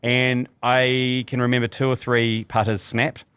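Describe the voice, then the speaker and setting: A man's voice: medium pitch, flat delivery, unhurried, a bit bright, smooth, no room sound. Dry-sounding New man hosting. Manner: rambling, laughs at his own stories, many ums. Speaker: podcast host. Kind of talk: casual comedy podcast banter.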